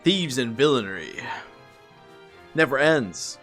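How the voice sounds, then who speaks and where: A man chatting casually with his stream, telling stories in a lively, swear-heavy way. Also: mid-range voice, takes it slowly, soft background music. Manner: animated storyteller, swears freely. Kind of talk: casual live-stream chat.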